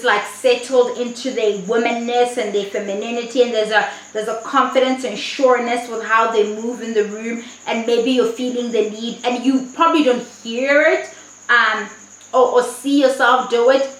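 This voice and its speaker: A woman's voice: on the high side, fairly bright tone, roomy sound, rough recording. A woman casually reviewing a reality TV episode, chatty and candid, swearing freely. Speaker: TV show reviewer.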